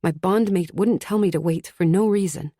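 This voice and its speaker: A woman's voice: on the low side, moderate pace, dark tone, no room sound, clean studio sound. A woman narrating a fantasy audiobook in the first person, tense and urgent. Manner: tense, urgent inner monologue.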